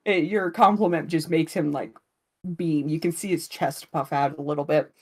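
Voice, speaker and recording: A woman narrating a tabletop game as game master in a casual, relaxed way with many fillers. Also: sits low, normal speed, breathy edge.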